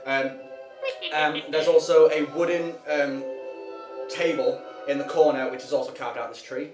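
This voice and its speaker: A man's voice: fairly high pitch, fairly even intonation. Man, game master, hesitant, ums, echoey, background music. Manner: halting, many ums. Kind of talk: narrating a tabletop game. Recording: roomy room with music behind.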